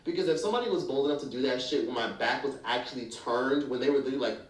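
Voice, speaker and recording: A man's voice: medium pitch, racing. A man telling a story as a commentary YouTuber, candid, blunt and profane. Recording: echoey room, distant mic.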